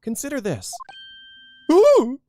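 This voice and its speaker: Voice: high voice, wildly swooping pitch, takes it slowly, mellow, soft background music. A streamer playfully reading game dialogue aloud during a let's play and laughing often. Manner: laughs often, reads lines with dramatic flair.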